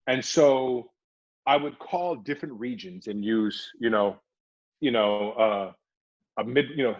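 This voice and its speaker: A man, an actor, chatting casually in an interview and telling lively stories, sometimes slipping into put-on voices. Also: medium pitch, unhurried. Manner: animated storyteller, slips into put-on voices. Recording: dull lo-fi recording.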